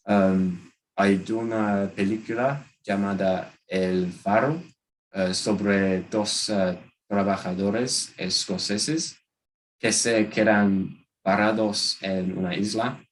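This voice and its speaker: A man's voice: on the low side, fairly even intonation, slow, slight background noise, rough recording. A British man giving a casual answer as a guest speaker over a video call, hesitant and full of ums and restarts. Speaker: guest speaker at a language exchange. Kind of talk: casual panel answer, switching to Spanish.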